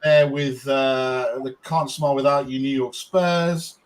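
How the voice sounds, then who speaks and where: A man's voice: mid-range voice, fairly even intonation, a little slow, rough recording. A man co-hosting a podcast, telling a long casual story with lots of ums and restarts. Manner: rambling, frequent ums and restarts. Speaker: podcast co-host.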